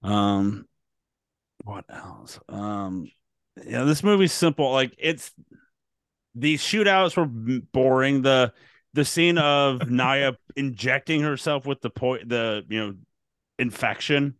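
A man with a bright, smooth, crisp voice talks through movie trivia on a podcast. He hesitates often and fills the gaps with "um" and "uh". The recording is dry and close. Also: mid-range voice, lively intonation, slow pace, no echo. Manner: hesitant, many fillers. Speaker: podcast co-host. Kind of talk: casual movie chat.

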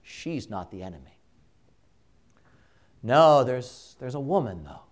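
A man preaching a sermon, slow and emphatic, with dramatic pauses and quiet hushed drops. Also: medium pitch, sing-song.

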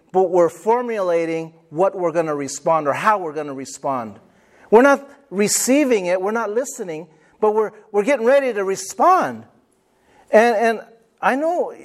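Man, pastor, high voice, emphatic sermon delivery, repeats phrases, calls for amens.

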